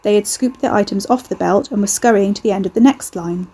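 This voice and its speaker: Husky, mellow woman narrating a story. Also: mid-range voice, a little fast, rough recording. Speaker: audiobook narrator. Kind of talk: scripted narration.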